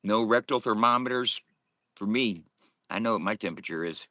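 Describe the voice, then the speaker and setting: A man's voice: lowish voice, a little fast, bright, forceful tone, dry recording. A man talking casually to camera in a morning vlog, boisterous and profane and laughing often. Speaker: vlogger.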